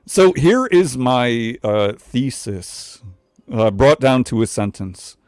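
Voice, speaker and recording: A man hosting a casual livestream chat, loose and joking, talking in quick bursts. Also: medium pitch, big pitch swings, a little mellow, clean tone, dry recording, clean studio sound. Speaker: livestream host.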